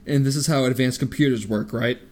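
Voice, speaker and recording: A man's voice: mid-range voice, brisk, noisy background. Sarcastic man in casual movie chat. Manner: sarcastic, laughing through jokes. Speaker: podcast co-host.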